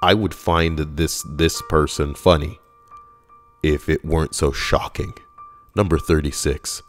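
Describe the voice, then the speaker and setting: A man reading jokes in a casual comic style, deadpan and sardonic, swearing at times. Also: extremely low pitch, slow, faint music behind. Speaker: comedy YouTuber reading jokes.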